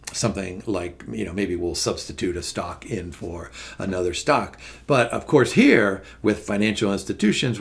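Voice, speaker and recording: Male exam prep instructor, middle-aged, loose talky lecture, low-ish voice, lots of "uh". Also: vocal fry. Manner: chatty, loose, many fillers and restarts. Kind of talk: recorded lecture over slides.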